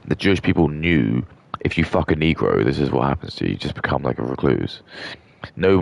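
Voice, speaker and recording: A man's voice: very deep voice, vocal fry. A young man rambling through a contemptuous rant as a streamer. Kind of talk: ranting casual monologue.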